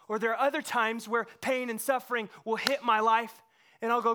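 A man preaching a sermon in a church, swinging from impassioned outbursts to hushed, quiet moments. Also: extremely high pitch, fairly quick. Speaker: pastor. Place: church sanctuary.

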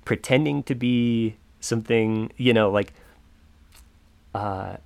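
A young man telling a personal story in a reflective, halting way, with many pauses and fillers. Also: mid-range voice, creaky, darkish tone, clear, resonant tone, no room sound. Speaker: podcaster.

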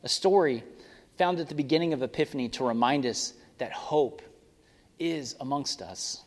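A young adult male pastor tells a casual, rambling sermon story and prayer in a church sanctuary, often stopping to correct himself. His voice is medium-pitched at a moderate pace, and the church hall gives it a long reverb.

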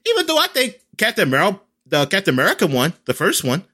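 A man in casual chat, recapping an episode in a rambling way with lots of fillers and lively quoted lines. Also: sits high, fast talker.

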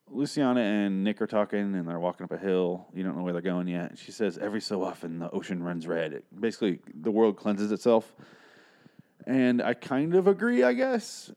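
A man's voice: lowish voice, warm tone. A man casually recapping a TV episode, rambling with profane, sarcastic asides. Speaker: show recap host.

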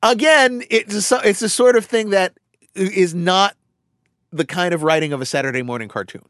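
A man chats casually as a podcast co-host, his voice sitting a little high. He tells stories in animated bursts, full of fillers and restarts. The sound is dry and close to the mic. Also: no room sound. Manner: animated storyteller, quick bursts, drops into low voices for quoted characters. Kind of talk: casual chat.

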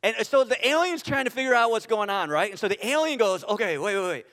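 Preaching quickly with lively intonation, this pastor has a fairly high, slightly bright voice. His sermon in the church sanctuary is full of rhetorical questions and restarts, and each phrase fades into the hall's long, reverberant echo.

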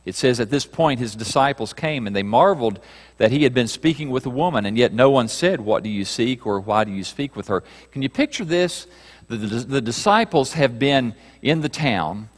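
A man preaching a sermon, reading scripture aloud and moving between raised passages and hushed ones. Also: mid-range voice, animated, normal speed. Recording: reverberant hall.

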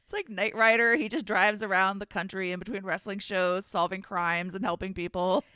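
A woman's voice: medium pitch, steady tone, sharp tone, clear, resonant tone, no echo, studio quality. A woman co-hosting a podcast, chatting casually and wryly about wrestling and laughing easily. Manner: chatty, wry, quick to laugh. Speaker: podcast co-host. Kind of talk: casual wrestling recap chat.

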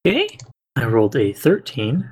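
A man running a tabletop game as dungeon master, narrating in an unhurried way. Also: mid-range voice, wildly swooping pitch, a little mellow, breathy edge. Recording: faint background noise.

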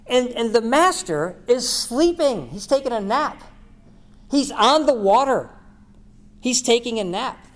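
A woman's voice: on the high side, expressive, a little slow. A woman podcast host giving an earnest devotional talk, preaching with repeated phrases.

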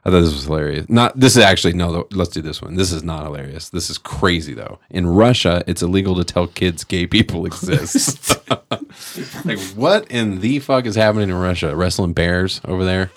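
Very deep-voiced man, laughing podcast host. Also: lively intonation, fairly quick, a little hiss or hum. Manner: laughs often, swears casually. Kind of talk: casual chat.

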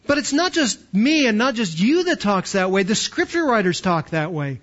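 High-voiced man preaching emphatically. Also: big pitch swings, a bit bright, muffled recording. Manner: emphatic, with rhetorical questions and slowed stresses. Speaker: pastor. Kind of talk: sermon.

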